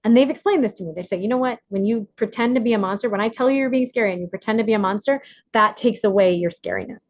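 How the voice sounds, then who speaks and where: A woman facilitates a virtual recovery workshop, speaking fast and animatedly while acting out quotes with dramatic pitch jumps. The sound is lo-fi, with no room sound.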